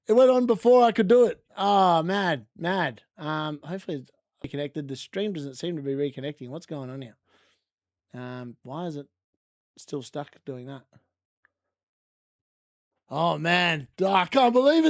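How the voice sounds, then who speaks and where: High-voiced Australian guy rambling live. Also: darkish tone, no room sound, studio quality. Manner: rambling, chatty and self-mocking. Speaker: livestream host. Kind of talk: casual match watchalong chat.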